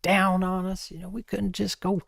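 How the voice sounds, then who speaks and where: Older mole villager, male, rustic and pleading, higher voice than usual; a game master voices him. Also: moderate pace, no room sound, studio quality, lightly acted. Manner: rough rural speech, pleading.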